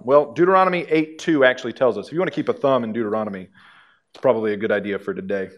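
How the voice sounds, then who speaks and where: A male pastor preaching a sermon to a congregation in a conversational way, with dry humor. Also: medium pitch.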